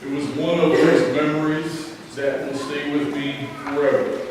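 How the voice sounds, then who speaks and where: A male pastor giving a sermon, telling a personal story in an earnest, deliberate way. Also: a little high, background noise. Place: church sanctuary. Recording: echoey sanctuary, mic at a distance.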